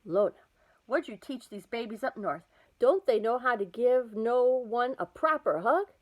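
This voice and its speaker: A woman doing a loud, bossy old Southern granny. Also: animated, measured pace, poor audio. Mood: scolding. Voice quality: shouting, high and brassy. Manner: scolding, sharp-tongued.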